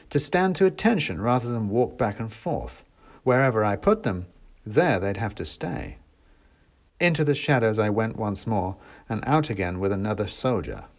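A man reading a storybook aloud, animated and wry, acting out the dialogue. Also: medium pitch. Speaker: audiobook reader. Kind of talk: expressive storybook narration.

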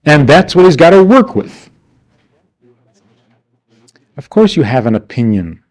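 A man's voice: fairly high pitch, very animated, measured pace, darkish tone. A man teaching a class, asking rhetorical questions and answering them himself with wry, mock-indignant asides. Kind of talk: class lecture.

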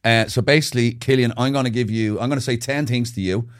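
An Irish man hosting a relaxed sports podcast, chatting easily with his guests. He laughs often while running a quick-fire quiz. His voice sits at an ordinary pitch for a man. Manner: laughs often, easygoing quizmaster. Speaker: podcast host. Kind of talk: casual chat.

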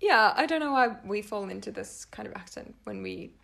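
A woman's voice: medium pitch, wildly swooping pitch, moderate pace, gravelly, a bit bright. A woman co-hosting a podcast, chatting casually in a playful way and laughing easily. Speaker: podcast co-host. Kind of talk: casual chat.

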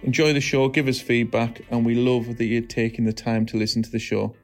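A man's voice: medium pitch, level tone, a little fast, faint music behind. A man in his forties with a British accent, hosting a podcast in casual chat with dry, teasing banter. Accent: British English. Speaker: podcast host.

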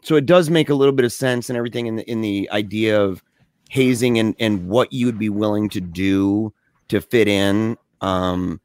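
A man's voice: lowish voice, normal speed, darkish tone, no echo. Guy telling a story on a podcast, laughs a lot, slangy, dry close sound. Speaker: podcast co-host. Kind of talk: casual chat.

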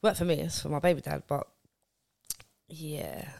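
A woman with a gravelly, creaky voice, speaking in a plain, matter-of-fact way. The sound is dry and close, with no room echo. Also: deep voice, sing-song, moderate pace, darkish tone. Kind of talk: casual chat.

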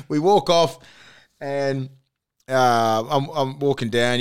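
A man's voice: mid-range voice, moderate pace, clean tone. A man with an Australian accent, a podcast host, telling a story over casual chat in a studio, swearing and laughing as he goes. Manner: laughing, profane, animated storyteller. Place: recording studio.

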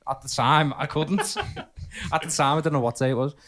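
A man's voice: a little high, expressive, normal speed, fairly bright tone. A man co-hosting a casual podcast, laughing often while he tells drunken pub stories. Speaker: podcast co-host. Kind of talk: casual banter with friends.

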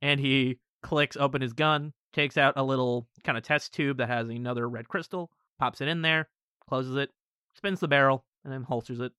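A man's voice: medium pitch, moderate pace, pushed and bright, clear, resonant tone, dry recording, clean studio sound. A man narrating a tabletop role-playing game as game master, casual, with frequent laughter and fillers.

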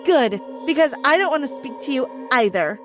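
A woman's voice: high voice, lively intonation, normal speed. A woman voicing a spiteful teenage girl who snarls and barks her lines, over music. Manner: snarling, barking. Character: jealous teenage twin sister, spiteful and sharp.

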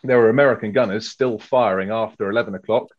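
Brief: male panelist, argumentative and animated, slightly dull lo-fi recording. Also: fairly low pitch, fast talker. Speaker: panel guest. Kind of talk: casual debate. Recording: dull lo-fi audio.

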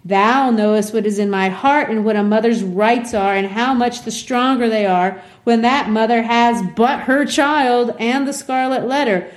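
Defiant Puritan mother, read aloud by a woman, raised a little higher, impassioned and old-fashioned. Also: unhurried, few pauses, natural voice. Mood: pleading. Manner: impassioned archaic pleading.

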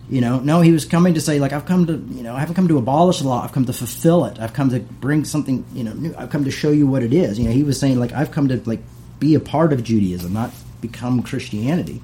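A man's voice: medium pitch, quick pace, mellow. A middle-aged man hosting a casual talk, reading passages aloud and paraphrasing them with many asides.

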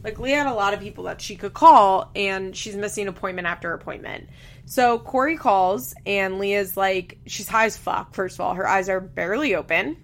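A woman's voice: mid-range voice, normal speed. A young woman hosting a podcast, chatting casually and with strong opinions, often laughing and saying "like". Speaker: podcast host recapping a reality show. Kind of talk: casual recap chat.

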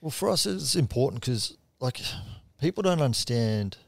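A man speaking as a podcast guest, earnest and plain-spoken, with casual swearing. His voice sits in an ordinary middle pitch and is recorded dry and close. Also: big pitch swings, normal speed, creaky, dry recording. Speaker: podcast guest, charity co-founder. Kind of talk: casual chat.

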